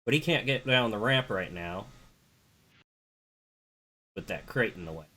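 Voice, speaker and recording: A man's voice: fairly low pitch, animated, a little slow, sharp tone. A man running a tabletop game as game master, casually narrating combat and counting out moves.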